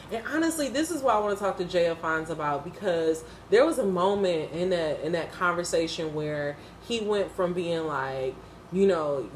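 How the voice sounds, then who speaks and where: A woman's voice: lowish voice, moderate pace, reverberant, a little hiss or hum. Blunt, impassioned woman reviewing a TV episode. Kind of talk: unscripted casual commentary.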